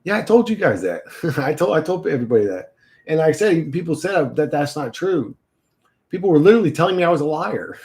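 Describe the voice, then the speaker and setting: A man's voice: on the high side, brisk. A man talking on his livestream in a casual, emotional way, swearing and laughing as he goes. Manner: animated, emotional, profane; laughs often mid-sentence.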